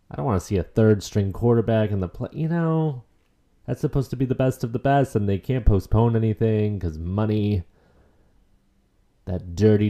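A man's voice: lowish voice, dark tone. A man hosting a solo podcast in casual chat, rambling emotionally and swearing freely. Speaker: podcast host.

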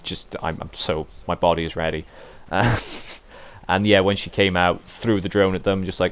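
A man with a very low voice chats on a podcast. He rambles enthusiastically, dropping "like" often. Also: steady tone, moderate pace, hardly any pauses, clear, resonant tone. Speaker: podcast co-host. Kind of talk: casual chat.

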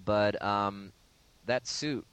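A man's voice: lowish voice, drawn-out words, fairly bright tone, clear, resonant tone, rough recording. A man co-hosting a podcast, talking casually about films with frequent laughs and fillers. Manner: chatty, laughs often, many fillers. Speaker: podcast co-host. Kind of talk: casual film discussion.

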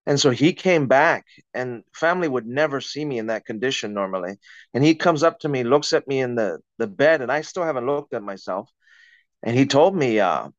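A man's voice: medium pitch, expressive, a little fast, no room sound, muffled recording. A man, a podcast guest, telling a personal story in conversation with vivid, dramatic retelling and acted-out quotes.

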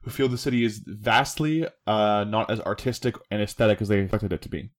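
A man's voice: lowish voice, a little fast. A man co-hosting a podcast, explaining in casual talk full of filler words and restarts. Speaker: podcast co-host. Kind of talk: casual chat.

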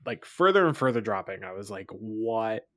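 A man hosting a podcast, chatting casually about a film, animated and laughing as he acts out his reactions. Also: on the low side, quick pace, no echo, studio quality. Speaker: podcast host.

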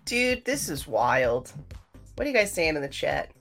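A woman's voice: deep voice, big pitch swings, measured pace, vocal fry, fairly bright tone, soft background music. A woman hosting a livestream, chatting casually and rambling straight to her viewers. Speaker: livestream host.

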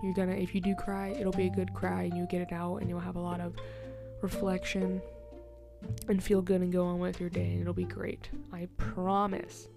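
Gravelly-voiced chatty young woman host. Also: lowish voice, completely flat delivery, normal speed, over music. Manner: chatty, rambling, laughs often, many "like" fillers. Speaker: podcast host. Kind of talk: casual solo podcast chat.

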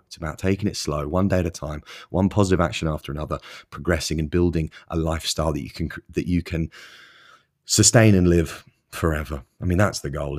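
A man's voice: rumbling low, darkish tone, husky. A young man hosting a solo motivational podcast, rambling and self-deprecating but encouraging. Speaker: podcast host.

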